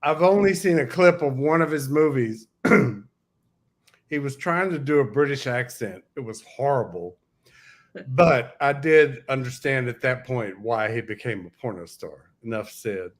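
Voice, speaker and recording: A man's voice: medium pitch, lively intonation, measured pace. A man in his sixties hosting a casual livestream chat, a chatty storyteller with a wry, joking manner. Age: 60s.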